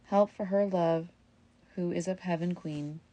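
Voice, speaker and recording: A woman reading the lines of a sly, quick-tongued young wife in a storybook reading. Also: fairly low pitch, fairly even intonation, mellow, dull audio, close to an everyday voice. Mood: pleading. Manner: pleading then brisk and self-justifying.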